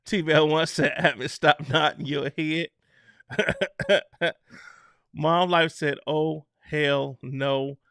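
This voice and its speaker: Man, live-stream host, bright sharp voice, dry close sound, chatty, reads viewer comments. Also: fairly high pitch, fairly even intonation, drawn-out words, pauses often, dry recording. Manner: chatty, loose, laughs between comments. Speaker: online show host.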